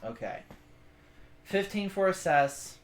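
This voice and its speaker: A man running a tabletop game, working out rulings out loud with quick restarts. His voice sits somewhat high for a man. The recording has a roomy echo. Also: animated. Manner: explains rules, thinks aloud with restarts. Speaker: game master.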